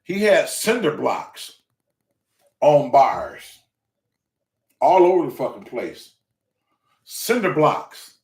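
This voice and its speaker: A man's voice: slow, long pauses. A man hosting a show, telling a story in casual, profane speech and acting out the quotes. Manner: animated, profane, acts out quotes with loud pitch jumps. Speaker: show host. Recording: echoey room.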